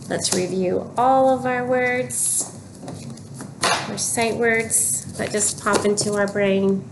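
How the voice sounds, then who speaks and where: A woman teaching an early reading lesson, giving slow, clear prompts and repeating cues for children to read aloud. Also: mid-range voice, steady tone. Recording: noticeable background noise.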